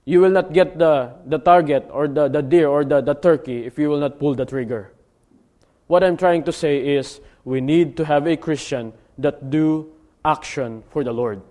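A man preaching a sermon, exhorting his listeners and building to loud, repeated calls to action. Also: on the high side, moderate pace. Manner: exhortative, rising to near-shouting climaxes, repetitive.

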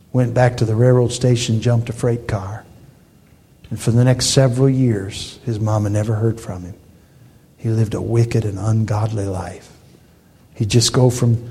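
A man's voice: mid-range voice, warm tone, husky. A man in his sixties preaching a sermon, with emphatic, dramatic storytelling. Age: 60s. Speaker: pastor.

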